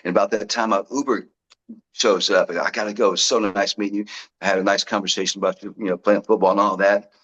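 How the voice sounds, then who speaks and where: A man, a guest in an interview, telling his story in a lively way and acting out what people said. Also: on the low side, quick pace, lo-fi sound. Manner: lively storyteller who acts out quoted dialogue. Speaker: guest, product founder.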